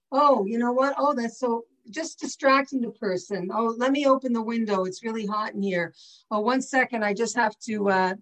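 A woman's voice: medium pitch, a bit bright, low-quality recording. An older woman leading a class over a video call, talking in a chatty, rambling way with frequent asides. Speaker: class teacher. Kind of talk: casual online class talk.

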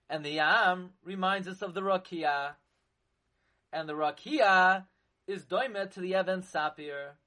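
Man giving a sermon: pitched high, unhurried, stresses key words and chants verses. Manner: animated, chanting verses in a singsong; slow, emphatic delivery with sudden loud accents. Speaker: rabbi teaching Torah.

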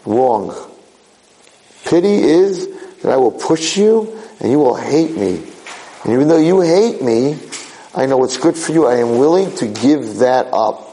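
A man giving a sermon as a rabbi, animated and conversational, repeating phrases for emphasis. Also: medium pitch, a little slow, a little hiss or hum, low-quality recording.

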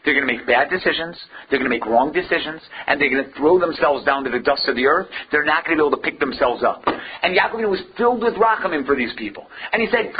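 A man's voice: mid-range voice, lively intonation, fast talker, dull audio, a little hiss or hum. A man teaching a Torah lecture emphatically, firing off rhetorical questions and using Hebrew and Yiddish terms.

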